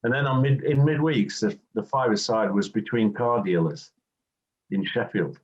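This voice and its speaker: A man's voice: lowish voice, moderate pace, muffled recording. An older English man, a former football referee, reminiscing in an interview and telling anecdotes with acted-out quotes.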